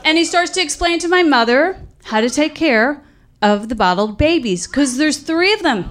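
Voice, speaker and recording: A woman from New Jersey telling a true story at a live show, animated and quick to act out voices. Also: sits high. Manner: animated, acts out kids' voices, laughing asides. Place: live stage with audience.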